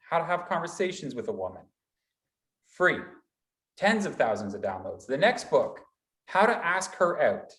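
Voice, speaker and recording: Man, workshop presenter, motivational talk, animated swings in pitch, roomy echo. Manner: animated, builds repetitive lists. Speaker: college instructor.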